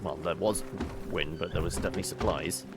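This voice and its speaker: A man's voice: sits low, fast talker, over loud music. A man hosting a casual let's-play, thinking aloud about game puzzles as he plays. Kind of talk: casual gameplay commentary.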